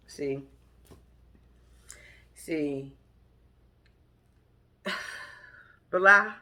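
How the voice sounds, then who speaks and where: Woman, reaction vlogger, high-pitched, very animated, blunt, profane, exasperated. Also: very slow, long pauses. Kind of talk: casual reaction commentary.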